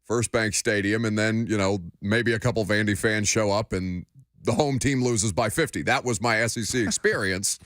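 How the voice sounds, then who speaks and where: A man's voice: on the low side, moderate pace, fairly bright tone, no room sound. A man hosting a sports radio show, teasing his co-host in casual conversational talk in a radio studio.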